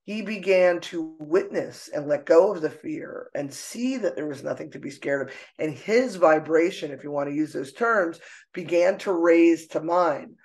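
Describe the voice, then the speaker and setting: Expressive middle-aged woman, laughing often. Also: low voice, normal speed. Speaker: podcast guest, artist and author. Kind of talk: casual conversational interview. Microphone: own microphone.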